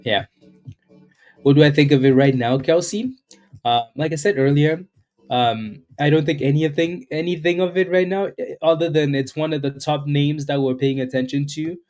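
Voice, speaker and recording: A man's voice: a little high, moderate pace, a little mellow. A man hosting a live day-trading stream, chatting loosely through market commentary, greeting viewers and ending lines with "right?". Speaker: day-trading livestream host.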